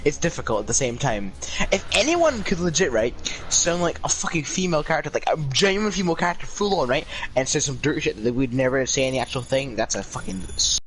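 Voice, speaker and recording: A man's voice: medium pitch, animated, quick pace, a bit bright. A young man chatting crudely and laughing often while gaming. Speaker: gamer chatting with a friend. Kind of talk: casual gaming chat. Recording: game music behind voice. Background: game music.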